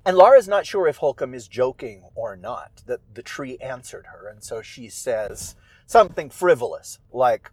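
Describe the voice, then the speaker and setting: A man who writes and performs audio stories muses aloud about his work in a casual, reflective monologue, sounding animated and amused with himself. His husky, mid-range voice moves at normal speed, with no room sound.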